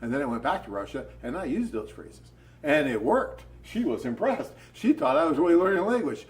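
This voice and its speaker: A man's voice: a little high, fairly quick, poor audio. Chatty American man hosting a webcast. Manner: animated storyteller, chatty and upbeat. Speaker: co-host of a dating agency webcast. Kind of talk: casual live Q&A chat.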